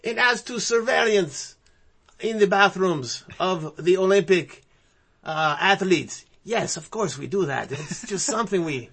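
Man doing a boastful older Russian guy, mock Russian accent, broken English, high voice, slow and drawn out. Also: expressive, fairly bright tone, slightly rough, heavily acted. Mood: mock-proud. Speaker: podcast co-host in a comedy bit.

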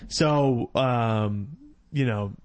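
A man's voice: mid-range voice, drawn-out words. A man co-hosting a casual podcast, rambling with lots of fillers and restarts and slurring his words a little. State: slightly slurring from beers. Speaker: podcast co-host. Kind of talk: casual banter.

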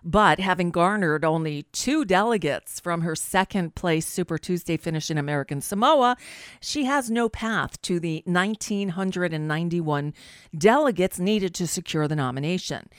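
A woman's voice: on the low side, normal speed, no room sound, clean studio sound. A woman hosting a live political talk show, chatty and informal, with offhand asides.

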